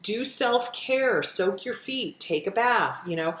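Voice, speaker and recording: A middle-aged woman giving self-help advice in a casual, gentle, reassuring way, often repeating her phrases and answering questions frankly. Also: medium pitch, expressive, slow. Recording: roomy echo.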